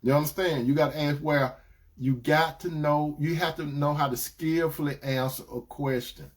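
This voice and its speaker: A man's voice: a little high, fairly even intonation, moderate pace. A man giving Christian relationship advice in a preaching style, repeating his points and calling listeners brothers and sisters.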